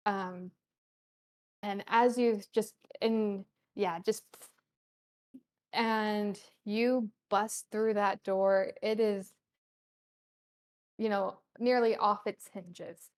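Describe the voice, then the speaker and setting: Slow, halting woman narrating as game master. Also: medium pitch, fairly even intonation, a little mellow. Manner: halting, full of ums and you-knows.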